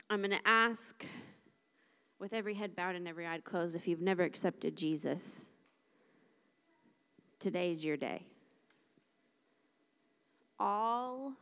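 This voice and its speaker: At a church service, a woman with a mid-range voice preaches a lively, conversational sermon to the congregation, acting out little dialogues as she speaks.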